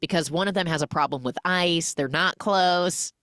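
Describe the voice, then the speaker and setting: A woman voicing an exasperated, bubbly and impulsive young woman with a high, exclamatory delivery. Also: moderate pace, fairly bright tone, no room sound, clean studio sound, natural voice. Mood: chatty.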